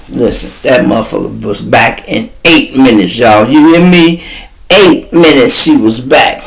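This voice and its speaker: A man telling a street story on his podcast, animated and profane, acting out the voices of the people in it. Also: medium pitch, a little slow, creaky, slight background noise, rough recording. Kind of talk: casual storytelling.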